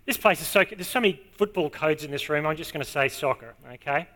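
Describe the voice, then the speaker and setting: Bright-voiced preacher in a reverberant hall. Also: male voice, on the high side, expressive. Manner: emphatic, repeating key words slowly. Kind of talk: sermon.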